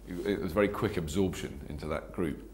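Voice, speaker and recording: A man's voice: low voice, moderate pace, a little mellow, slight background noise. A man, an actor in an interview, telling chatty, self-mocking stories. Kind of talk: anecdotal interview.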